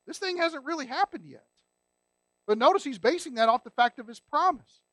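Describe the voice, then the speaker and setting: A man's voice: very high voice, lively intonation, brisk, bright, forceful tone, dry recording. A man preaching a sermon, emphatic and asking the congregation rhetorical questions. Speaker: pastor.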